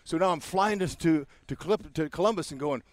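An older man in his sixties spins animated baseball stories as a radio guest. He talks in loose slang, acts out the voices in his tales and tumbles over repeated words. His voice sits a little higher than most men's. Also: a little fast, no echo. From Fresno, California. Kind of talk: animated anecdote-telling.

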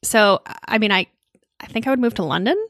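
A woman's voice: mid-range voice, lively intonation, a little fast, a bit bright, no room sound, studio quality. Chatty, wry woman podcast co-host. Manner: chatty, wry, thinks aloud with fillers. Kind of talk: casual chat.

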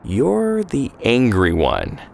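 A man's voice: fairly low pitch, animated, brisk, a little hiss or hum. A man voicing a confident, teasing young man in an audio story, wry and matter-of-fact. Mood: needling.

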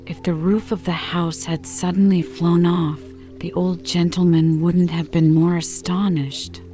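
A woman narrating a classic novel as an audiobook in a measured, gentle storytelling manner. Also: on the low side, flat delivery, soft background music. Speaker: audiobook reader. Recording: slightly dull lo-fi recording.

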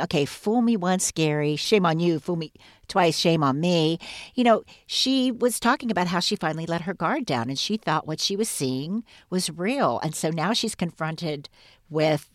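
Low-voiced woman, opinionated podcast co-host. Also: no echo, clean studio sound. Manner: opinionated, emphatic, quick asides. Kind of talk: casual recap chat.

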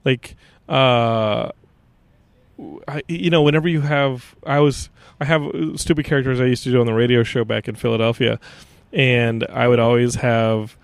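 A man's voice: mid-range voice, steady tone, normal speed, creaky, clear, resonant tone, no room sound. A man hosting a podcast, chatting casually in a joking way and chiming in with short agreements. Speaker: podcast host. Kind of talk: casual interview chat. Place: recording in a parking lot.

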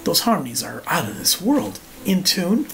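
Older male guest, arranger type, animated storyteller, gravelly edge. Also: fairly high pitch, normal speed. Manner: animated storyteller, acts out quoted voices. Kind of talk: storytelling in a podcast interview.

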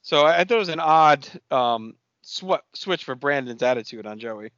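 A man co-hosting a podcast, chatting casually as he recaps a TV episode in a relaxed, filler-heavy way. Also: mid-range voice, moderate pace, dry recording, dull audio. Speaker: podcast co-host.

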